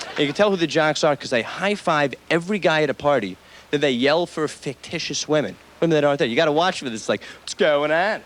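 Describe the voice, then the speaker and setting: A man's voice: fairly high pitch, animated, quick pace. A man doing a stand-up set, mocking and mimicking jocks while working the audience. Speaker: stand-up comedian. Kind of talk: stand-up comedy set with crowd work. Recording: noisy old videotape with audience.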